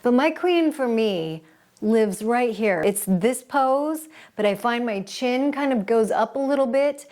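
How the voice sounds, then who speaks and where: A woman's voice: on the high side, animated, a little mellow. A woman hosting a self-help video, speaking directly to the viewer in an earnest, reflective and encouraging way. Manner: addresses the viewer directly with pauses and restarts. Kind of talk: motivational self-help talk.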